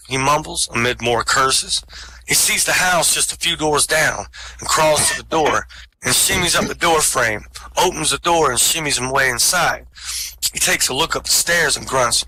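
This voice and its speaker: A man with a very bright, forceful, fairly high voice delivers stand-up jokes over voice chat. He chuckles at his own punchlines, and a faint hiss runs under the line. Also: moderate pace, rough recording. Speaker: stand-up comic. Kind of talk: telling jokes at an online open mic. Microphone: home microphone, online voice chat.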